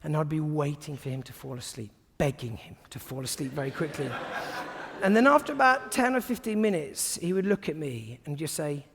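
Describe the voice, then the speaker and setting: A man giving a sermon to a congregation, conversational and humorous, often dropping to soft, hushed tones. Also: on the high side, lively intonation, fairly quick, long reverb tail. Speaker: guest preacher. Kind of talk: sermon with personal stories.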